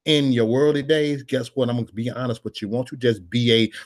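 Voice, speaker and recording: A man's voice: medium pitch, brisk. A man in his forties with a Chicago accent, preaching in raw street slang with lots of repetition. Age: 40s. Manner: repetitive, emphatic, conversational.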